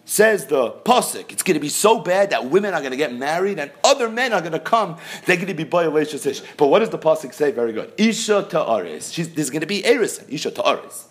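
A man's voice: on the high side, lively intonation, fast, hardly any pauses. A man teaching a Talmud class, explaining texts in English sprinkled with Hebrew and Yiddish terms. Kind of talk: Talmud lecture.

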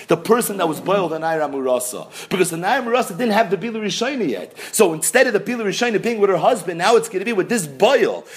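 A man giving a Talmud lesson, explaining the text with emphatic questions and answers. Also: fairly high pitch. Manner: lively, emphatic teaching with rhetorical questions. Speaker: Talmud teacher. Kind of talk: daf yomi Talmud lecture.

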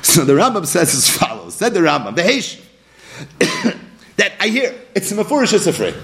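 Animated male Talmud teacher. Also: sits high, normal speed, creaky, slight background noise. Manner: animated, mixes Hebrew and Yiddish study terms. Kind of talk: daily Talmud lesson.

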